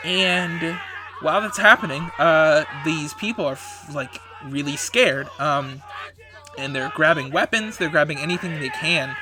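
A man serving as game master, narrating a tabletop role-playing scene in a halting way, with many ums and likes. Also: on the high side, lively intonation. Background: background music.

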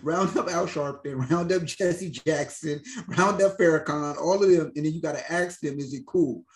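A man co-hosting a podcast in casual chat, dropping in quick jokes and asides. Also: fairly high pitch. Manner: short interjections and joking asides. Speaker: podcast co-host. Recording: echoey room.

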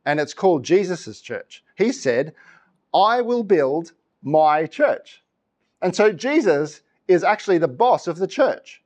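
Taking it slowly, a middle-aged pastor with a high-pitched voice preaches through animated stories. He laughs often and acts out different voices.

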